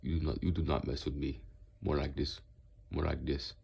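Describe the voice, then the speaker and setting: A man's voice: very deep voice, little pitch movement, normal speed, creaky, a little mellow, breathy edge, heavily acted. A man voicing a threatening tough guy with a Southern US accent. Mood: menacing.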